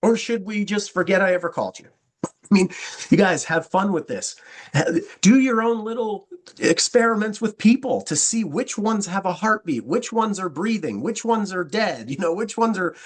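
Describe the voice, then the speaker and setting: An energetic man gives his team a pep talk on recruiting. He acts out both sides of sample phone calls in a lively way. His voice sits a little high for a man. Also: normal speed. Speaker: network marketing trainer. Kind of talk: coaching talk with sample scripts.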